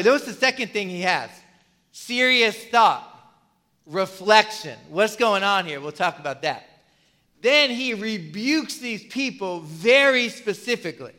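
A man with a high, bright voice preaches a sermon in a casual, conversational way. He keeps asking the congregation questions and stumbles over repeated words. His voice rings with the long reverb of a church hall. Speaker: pastor.

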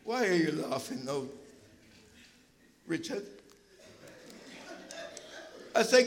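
A male preacher giving an impassioned sermon, telling stories from his church's food pantry and at times rising to a shout. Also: a little high, big pitch swings, a little slow, low-quality recording. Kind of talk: sermon with storytelling.

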